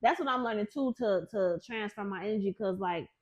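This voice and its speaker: A woman hosting a podcast, chatting casually and telling a story with loud, acted-out quotes. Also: mid-range voice, fairly quick. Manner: animated storyteller, acts out quotes loudly; says "finna" and "type shit", casual and profane. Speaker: podcast host; nurse manager who makes content on the side. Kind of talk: casual chat.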